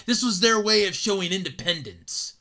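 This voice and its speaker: A woman voicing a stuffy, self-assured historian from the future in a mock-solemn, lowered voice. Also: expressive, normal speed, bright, forceful tone.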